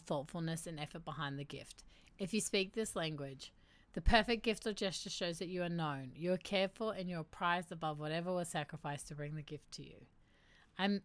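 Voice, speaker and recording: A young woman hosting a casual livestream, reading aloud and chatting, animated, laughing and swearing now and then. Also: lowish voice, no room sound. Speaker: streamer hosting a mental health segment.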